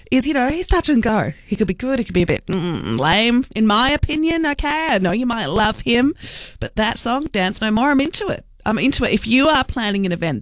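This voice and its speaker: A woman radio host with a chatty, playful delivery and a pitch that jumps around a lot. She sits a touch above the usual register, in a dry, close studio sound. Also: no room sound. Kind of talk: casual radio chat.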